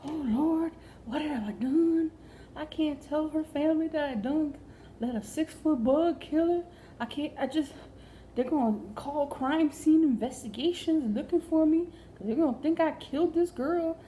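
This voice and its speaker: A woman's voice: high voice, normal speed, dark tone, slight background noise, pitched above the performer's own voice, lightly acted. A woman voicing a frightened, dramatic man who frets and wails in a frantic, stammering way. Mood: panicked. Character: panicky frightened man, boyfriend, dramatic worrier.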